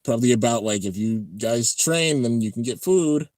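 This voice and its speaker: A man hosting a casual live-stream reaction, talking excitedly and rambling as he comments on an episode. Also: mid-range voice, moderate pace, dry recording, studio quality. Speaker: channel host reacting to an anime episode.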